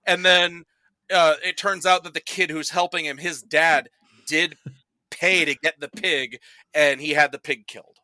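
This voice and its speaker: Man, podcast chat, animated storyteller, swears a lot, bright tense voice, dry close sound. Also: fairly high pitch, measured pace, no echo. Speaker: podcast guest reviewing films.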